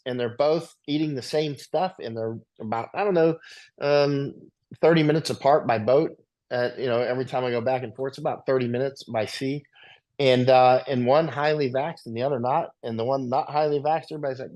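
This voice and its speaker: A man's voice: mid-range voice, a little mellow. A man, a guest on an interview show, telling stories in a rambling, conversational way and often checking in with "right?". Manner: rambling anecdotal, tag questions.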